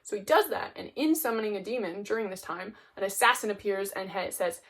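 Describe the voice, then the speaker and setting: A woman's voice: on the high side, lively intonation, fairly quick, hardly any pauses, a bit bright. A young woman talking casually about books she read, chatty and full of "like" as she goes. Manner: chatty, peppered with "like". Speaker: book reviewer. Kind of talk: casual chat.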